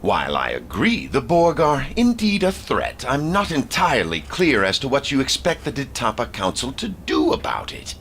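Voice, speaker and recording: A wary alien delegate for a video game, choosing each formal phrase with care. His delivery rises and falls in an animated way at a middle pitch, over a faint hiss. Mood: measured. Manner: formal, deliberate diplomatic phrasing.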